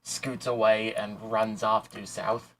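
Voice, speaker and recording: A man running a tabletop role-playing game, narrating scenes with casual, quick asides. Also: lowish voice, little pitch movement, a bit bright, poor audio. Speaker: game master.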